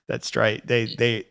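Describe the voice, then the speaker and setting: A man in conversation on a financial advice podcast. His voice sits at an ordinary pitch for a man. His delivery is easygoing and chatty, full of laughter and small restarts as he explains things. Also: gravelly, a bit bright, clear, resonant tone. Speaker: financial advisor, podcast host. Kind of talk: casual advisory podcast chat.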